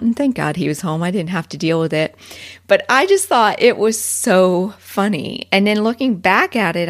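A woman in her forties hosting her own podcast, telling a story in a chatty, animated way and laughing often. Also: medium pitch. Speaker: podcast host. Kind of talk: casual solo podcast talk.

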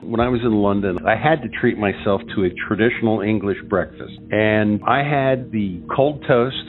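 A man's voice: on the low side, normal speed. A man co-hosting a comedy podcast, telling meandering anecdotes full of asides and restarts. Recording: phone-like audio with faint music.

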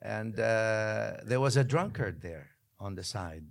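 A man, a religious scholar, telling a story as a podcast guest, lively one moment and dropping to a hushed near-whisper the next, with Arabic phrases woven in. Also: lowish voice, slow, vocal fry. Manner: mixes Arabic phrases into his talk.

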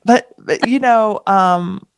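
A middle-aged woman from the American South, a guest in an interview, telling stories candidly and acting out quotes with sudden jumps in pitch. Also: takes it slowly, dry recording, studio quality. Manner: animated, acts out quotes with pitch jumps and laughter. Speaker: guest, chef and TV personality.

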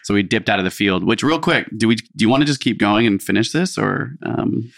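A young man with a very low, gravelly voice, talking casually on a podcast as a co-host. He tells his stories with lively acted-out bits of dialogue. The sound is close and dry. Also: a little fast, no echo. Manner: storytelling, acts out quoted voices. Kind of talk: casual chat.

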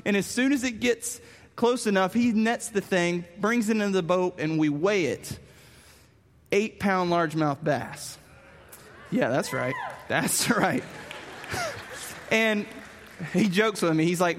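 High-voiced man preaching in a big hall. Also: takes it slowly, pauses often, slight background noise. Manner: animated, self-mocking storytelling. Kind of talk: storytelling sermon. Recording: long reverb of a large hall.

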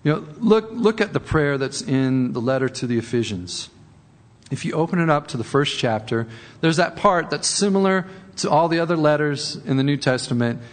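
A man's voice: a little high, animated, moderate pace, in a large hall. A man preaching a sermon in a conversational way, often repeating words and rising for emphasis. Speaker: pastor.

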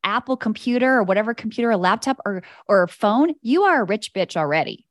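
A woman hosting a podcast, chatting in an excitable, motivational way. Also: medium pitch, quick pace, no echo, clean studio sound. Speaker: podcast host. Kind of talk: casual chat.

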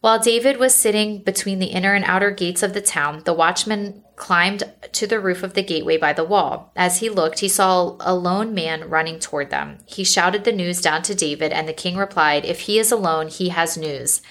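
A woman giving a steady, measured reading of scripture. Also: lowish voice. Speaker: Bible reader.

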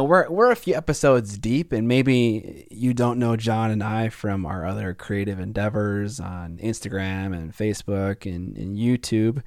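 Gravelly, dry-voiced podcast co-host. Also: male voice, on the low side, dry recording. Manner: joking, laughs often, occasional stumbles on words. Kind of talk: casual podcast chat.

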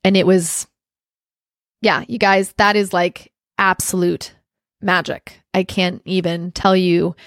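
A woman's voice: on the low side, flat delivery, takes it slowly, dry recording, clean studio sound. A young adult woman hosting a podcast, telling a personal story in a candid, heartfelt way with lots of "like" fillers. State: emotional. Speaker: podcast host.

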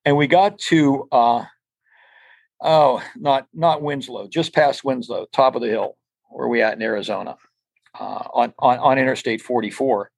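An older man appears as an interview guest, casually telling rambling stories with lots of restarts and repeated words. He speaks at a measured pace in a gravelly, medium-pitched voice, with no room sound.

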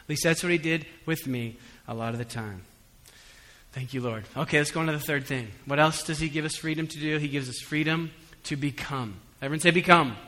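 A man preaching a sermon in a church hall, conversational with humorous asides, swinging between soft reflection and emphatic calls to the congregation. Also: on the high side, brisk. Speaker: pastor. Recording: long hall reverb.

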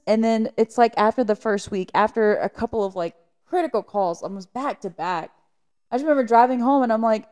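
Emotional woman paramedic guest, mellow voice. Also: on the high side, fairly quick. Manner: earnest, heartfelt reflection. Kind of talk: casual conversation.

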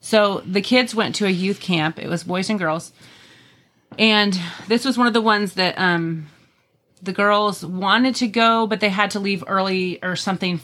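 A woman's voice: medium pitch, unhurried, a bit bright. A middle-aged woman telling family stories in a casual, earnest conversation, with many ums. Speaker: podcast guest.

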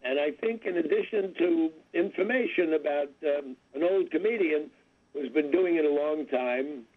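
A man in his seventies, a comedian, phones in as a guest and chats at a normal speed in a fairly high-pitched voice. Over the tinny telephone connection he rambles in a wry way, often poking fun at himself.

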